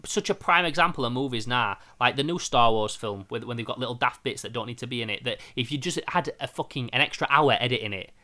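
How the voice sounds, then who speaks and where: A man talking through a film on a casual podcast, his voice bright and sharp. He gets animated and sweary, jumping into little acted-out bits of dialogue as he tells the story. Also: medium pitch, fast talker, few pauses. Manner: animated, sweary, acts out scenes. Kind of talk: casual film review chat.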